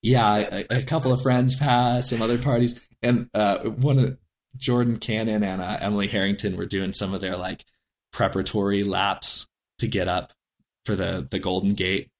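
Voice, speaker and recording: A man with a somewhat low, level voice tells a story as a guest on an interview show, speaking at normal speed. His delivery is casual, rambling and full of fillers. He laughs now and then and briefly puts on voices for the people he quotes.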